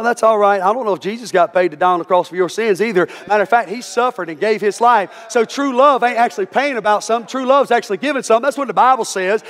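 Pastor, male, high-pitched, impassioned sermon delivery, recorded in a reverberant sanctuary. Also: fairly bright tone. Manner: impassioned preaching, repeats "listen to me". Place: church sanctuary. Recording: reverberant church hall with music.

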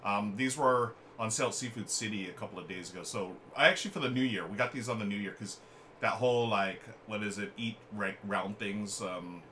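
A man's voice: fairly low pitch, brisk, sharp tone, slight background noise. Chatty man hosting a live stream. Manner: chatty, reads viewer comments aloud. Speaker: streamer host. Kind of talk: casual chat on a live stream. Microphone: desk microphone.

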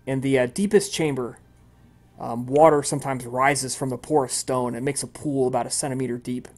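A man's voice: mid-range voice, steady tone, brisk, a little mellow, faint music behind. A man narrating as game master of a tabletop role-playing game, with frequent ums and uhs.

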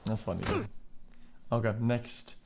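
A young man streaming, reacting to clips with loud, profane, casual commentary full of "dude". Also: fairly low pitch, steady tone, a little slow, gravelly, background noise.

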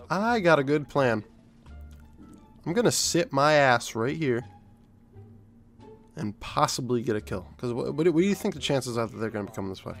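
A young man giving live commentary over a shooter game, swearing often and swinging from low mumbling to loud yelling. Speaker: gaming YouTuber.

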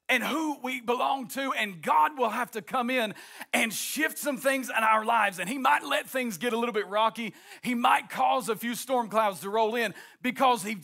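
A male pastor preaching an impassioned sermon, rising into shouts and a sing-song cadence, then dropping into folksy asides. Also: very high voice, gravelly.

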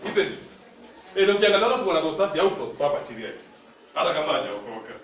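A man's voice: a little high, big pitch swings, rapid-fire, a bit bright, a little hiss or hum. A man with a Kenyan accent preaching a sermon, mixing Swahili and English and calling on the congregation for responses. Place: church hall. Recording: echoey hall, mic at a distance.

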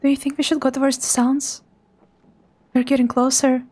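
A woman's voice: high-pitched, flat delivery, normal speed, a little mellow. A woman streamer giving live commentary on a horror game, talking to her chat and dropping to a whisper when she gets scared.

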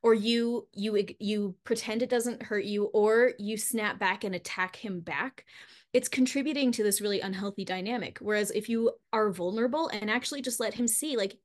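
A woman's voice: fairly high pitch, normal speed. A woman author talking candidly about her feelings in a podcast interview, with lots of fillers. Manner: candid, emotional, uses many fillers. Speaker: author guest.

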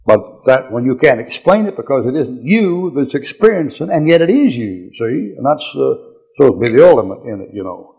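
Gravelly older preacher with a drawl. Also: male voice, mid-range voice, sing-song, brisk. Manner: folksy, blunt, chuckling asides. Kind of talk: bible teaching lecture. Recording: muffled old lecture tape.

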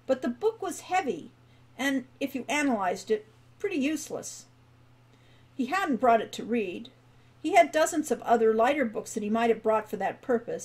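A woman author reads her fantasy novel aloud, with steady, expressive narration. Her voice sits a little high. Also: husky, rough recording. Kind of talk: live storybook reading.

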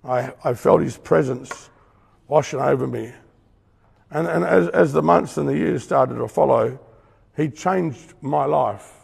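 A man's voice: medium pitch, unhurried, vocal fry, darkish tone, breathy edge, long reverb tail. A middle-aged Australian man giving an earnest, emphatic testimony sermon in a conversational way, with acted-out asides. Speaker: preacher.

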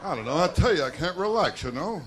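A male stand-up comedian delivering rapid self-deprecating one-liners on a nightclub stage, often breaking in with "I tell you.". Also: on the high side, big pitch swings. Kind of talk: live stand-up routine. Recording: noisy live club recording with crowd. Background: audience laughter and applause.

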